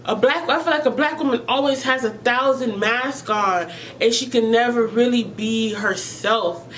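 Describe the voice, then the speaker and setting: A woman's voice: fairly high pitch, moderate pace, a bit bright, a little hiss or hum, poor audio. A woman vlogger talking earnestly and emotionally to her viewers about mental health, often repeating herself as she searches for words.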